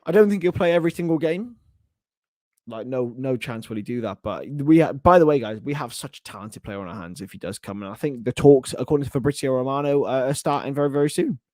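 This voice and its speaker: A man's voice: medium pitch, darkish tone, dry recording, studio quality. Chatty young man reading out fan comments. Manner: chatty, jokey, answers comments in quick bursts. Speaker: host of a fan channel. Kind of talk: casual live stream chat reading viewer comments.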